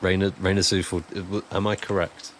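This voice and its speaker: A man's voice: sits low, little pitch movement, moderate pace, a little hiss or hum. A man chatting casually and rambling on a live stream while he builds, answering chat as he goes.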